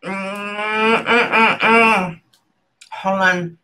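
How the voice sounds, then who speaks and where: Bright-voiced woman relaying messages as a medium. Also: mid-range voice, fairly even intonation, very slow, slight background noise. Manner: breaks off often to listen, then relays quotes. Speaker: psychic medium. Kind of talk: reading session, relaying messages.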